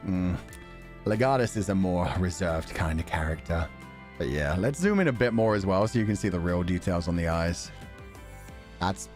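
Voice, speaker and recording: A man casually chatting on a livestream, excitable, laughing often and swearing now and then. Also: lowish voice. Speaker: streamer.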